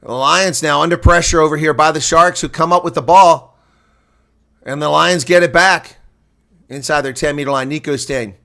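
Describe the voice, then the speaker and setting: A man giving live play-by-play rugby commentary, talking fast through the action, chatting with viewers and shouting on big plays. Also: on the high side, gravelly.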